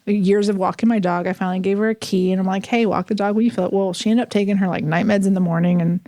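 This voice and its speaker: Woman, 40s, podcast guest; animated, laughing storyteller, casual, dry close mic. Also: medium pitch, rapid-fire, no echo. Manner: animated storyteller, laughs often, many fillers. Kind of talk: casual conversation.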